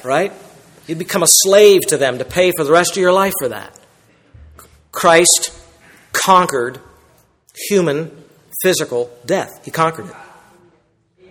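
A man preaching an emphatic sermon as a pastor, swinging between loud declarations and quiet asides. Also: on the high side, expressive, a little fast, husky. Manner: emphatic preaching, rising and dropping in loudness. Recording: long reverb in a large hall.

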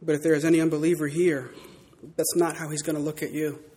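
A man preaching a sermon in church, dramatic, swinging from loud declarations to hushed words. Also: on the high side, level tone, fast, slightly rough, in a large hall. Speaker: pastor.

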